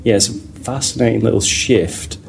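Low-voiced man musing in halting restarts. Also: fairly even intonation, gravelly, noisy background. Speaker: podcast co-host. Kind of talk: casual panel discussion.

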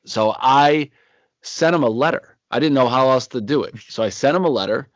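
A man in his forties co-hosting a podcast, spinning a rambling anecdote in a relaxed, chatty way. The audio is dry and a little dull. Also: medium pitch, normal speed, no echo. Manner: rambling anecdotal storyteller, acts out quotes. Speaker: podcast co-host. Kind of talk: casual storytelling chat.

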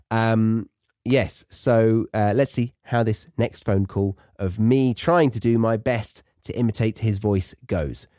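Playful British podcast host, low and mellow. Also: male voice, dry recording, clean studio sound. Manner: playful, chatty, repeats words for learners. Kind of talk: podcast monologue for English learners.

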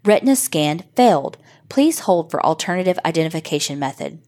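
A woman voicing a calm alien guide inside a virtual reality headset, giving flat, instructive commands. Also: low voice, a little fast.

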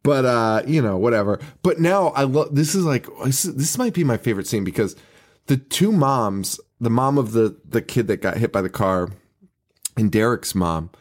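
A man's voice: medium pitch, lively intonation, moderate pace. A man co-hosting a podcast, recapping a movie in casual chat, laughing often, swearing and restarting his sentences. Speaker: podcast co-host.

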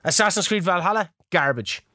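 A man's voice: high-pitched, animated, brisk, sharp tone, no echo, clean studio sound. A man co-hosting a podcast, joking, heckling and swearing freely. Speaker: podcast co-host. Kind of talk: casual chat.

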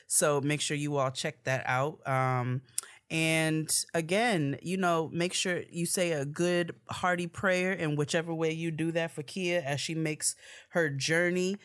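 A woman co-hosting a podcast in casual chat, relaxed and quick to laugh as she wraps up the show. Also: low-pitched. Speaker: podcast co-host.

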